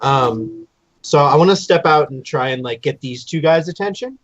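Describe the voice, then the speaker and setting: A man's voice: fairly high pitch, animated, normal speed, dry recording, dull audio. Eager hesitant male player. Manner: hesitant, filler-heavy, eager. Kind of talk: casual tabletop game chat.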